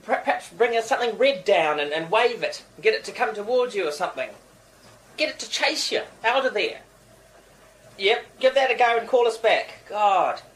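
An actor with a New Zealand accent playing a rambling, apologetic band manager juggling phone calls in a radio sitcom. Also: male voice, sits high, animated, moderate pace, a bit bright, rough recording. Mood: distracted. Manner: rambling, apologetic, easily flustered. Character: flustered male manager fielding phone calls.

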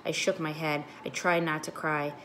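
Low-voiced woman reading a storybook aloud. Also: normal speed, slight background noise. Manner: clear, expressive storybook reading. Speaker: teacher. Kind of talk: reading a children's book aloud.

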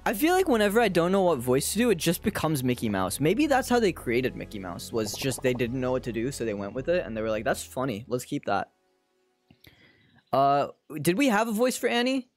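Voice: mid-range voice, huge pitch swings, quick pace, few pauses, soft background music. A game streamer giving casual let's-play commentary, giggling often and poking fun at themselves. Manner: giggly, self-deprecating, swearing.

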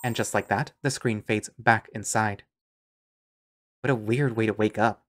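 A man's voice: lowish voice, fairly even intonation, measured pace, a bit bright. A man narrating an audio drama in first person, musing and understated.

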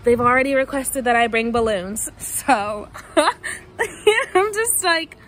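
A young woman vlogging casually from a parked car, chatty and gushing with excitement. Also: high-pitched, slow pace, slight background noise, low-quality recording. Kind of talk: casual vlog talk to camera.

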